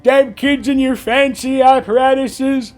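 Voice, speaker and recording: Grumpy old geezer a guy doing the voice, high cranky croak, slow drawl, eh eh. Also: steady tone, faint music behind. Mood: grumbling. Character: grumpy old man scolding kids.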